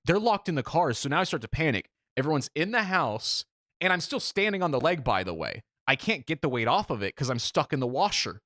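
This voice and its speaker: A man co-hosts a podcast and tells a story in an animated, self-mocking way, swearing freely. His voice is forceful and bright, set at an average pitch. The recording is close and dry. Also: no echo. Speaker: podcast co-host. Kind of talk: casual storytelling chat.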